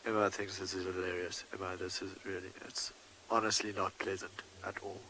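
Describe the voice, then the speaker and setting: A man's voice: low voice, little pitch movement, brisk, bright, forceful tone, slight background noise, low-quality recording. Wry man giving live safari commentary. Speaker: safari guide.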